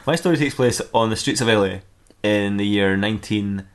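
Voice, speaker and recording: A man's voice: lowish voice, a little fast. A man casually reading and ad-libbing a comic fan-fiction story, rambling and laughing at his own jokes.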